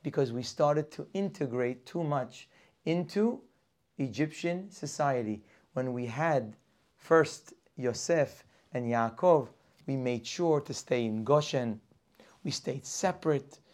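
A man teaching a lively weekly Torah class, full of rhetorical questions and acted-out characters. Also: mid-range voice, slow.

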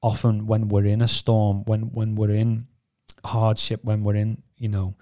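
Guy on a podcast, lowish voice, rambles a lot with restarts and "you know"s. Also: monotone, measured pace, dark tone. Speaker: podcast co-host. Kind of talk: casual personal testimony.

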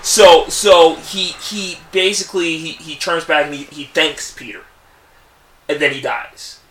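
A man's voice: fairly high pitch, fairly even intonation, unhurried, a bit bright, roomy sound, far from the mic, rough recording. A man co-hosting a casual podcast, retelling a movie idea in a rambling way with many restarts. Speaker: podcast co-host.

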